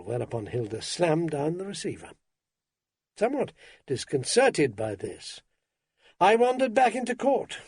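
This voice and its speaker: A man's voice: a little high, sing-song, moderate pace, a little mellow, breathy edge, no echo. A man narrating an audiobook in a dry, wry first-person manner.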